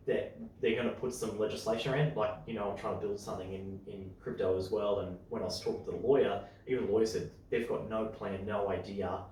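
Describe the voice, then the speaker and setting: A man hosting a podcast, chatting casually and getting excited as he lays out his opinions. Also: fairly low pitch, far from the mic, slight background noise. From Australia. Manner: excitable, opinionated, speeds up and slows down. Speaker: podcast host. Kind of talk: casual chat. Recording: echoey room, voice off-mic.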